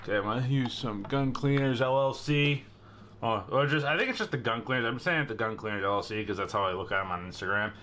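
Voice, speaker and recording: A man's voice: mid-range voice, quick pace, pushed and bright, a little hiss or hum. A young man with a Boston accent hosting a casual gun-maintenance how-to, chatty and jokey, calling his viewers guys and bro. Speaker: gun channel host.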